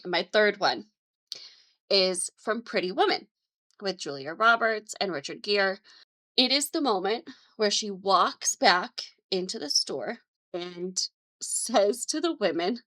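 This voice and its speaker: A woman's voice: medium pitch, expressive, measured pace, a bit bright. A woman hosting her own video show, chatting casually and enthusiastically with frequent small laughs. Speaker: host. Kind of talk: casual vlog chat.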